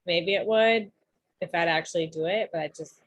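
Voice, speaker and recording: Husky woman talking kinda unsure on a video call, dry dull audio. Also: on the low side, moderate pace, dry recording. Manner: hesitant, unsure. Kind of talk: casual group discussion.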